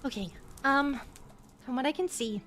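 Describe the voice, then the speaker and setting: A woman's voice: sits high, normal speed, a bit bright. A woman speaking as a healer in a voice roleplay, anxious and apologetic, repeating herself a lot. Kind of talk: in-character voice roleplay.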